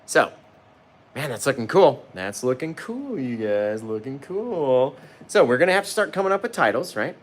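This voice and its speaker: An enthusiastic man leads a live painting tutorial and keeps chatting with his viewers. His voice swings up and down with energy. It sounds roomy and a little far from the mic, with steady noise underneath. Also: medium pitch, moderate pace. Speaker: painting instructor on a livestream. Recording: roomy echo, voice a bit off-mic, noticeable background noise.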